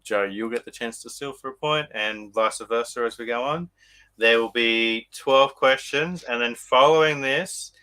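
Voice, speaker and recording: A man's voice: mid-range voice, pushed and bright, rough recording. A man hosting a podcast and running a quiz. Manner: upbeat, explains rules clearly. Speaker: podcast host.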